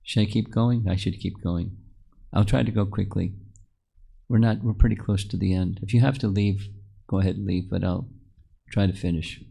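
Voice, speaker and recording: Male spiritual teacher, lowish voice, narrates scripture stories to a group and asks them questions. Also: steady tone, normal speed, creaky, mellow, husky. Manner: storytelling, asks the audience questions; restarts and repeats words often. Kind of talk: scripture class to a live group.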